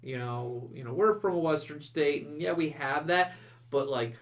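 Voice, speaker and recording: A man's voice: a little high, normal speed. A man co-hosting a podcast in casual chat, rambling with many restarts and "you know"s. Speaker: podcast co-host.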